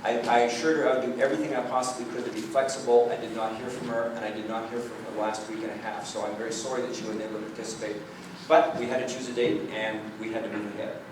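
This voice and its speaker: A man's voice: mid-range voice, little pitch movement, fast. A man moderating a candidates' forum, speaking to the audience and telling jokes between the formalities. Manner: jokey, tells anecdotes to the crowd. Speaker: debate moderator. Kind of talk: public forum hosting. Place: large hall, recorded from far. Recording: echoey hall from far off, noisy.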